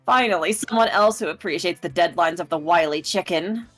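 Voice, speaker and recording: A woman's voice: on the low side, a little fast, dry recording, soft background music, lightly acted. A woman voicing a small, ruthless young woman who adores chickens, gleeful and crude as she reads game dialogue aloud.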